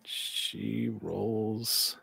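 A man as game master, narrating a tabletop game with vivid, deliberate description. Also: lowish voice, creaky, bright, forceful tone, slightly rough, no room sound.

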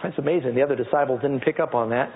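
A man's voice: medium pitch, very fast. A middle-aged man preaching a sermon to a congregation, reading scripture aloud and leading the people in repeating phrases. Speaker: pastor. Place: church sanctuary with congregation. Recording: lo-fi phone-like audio with long hall reverb.

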